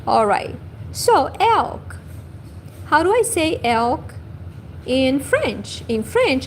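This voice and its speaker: Brief: woman teacher, high animated voice, faint noise. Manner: slow, repeats each word for learners. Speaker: language teacher. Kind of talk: livestream language lesson.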